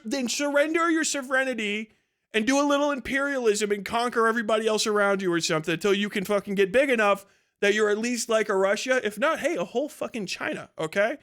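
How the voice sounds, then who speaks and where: A man's high, fairly bright voice moves quickly as he hosts a livestream. He mocks and swears nonstop, delivering an aggressive, profane rant punctuated by derisive laughter.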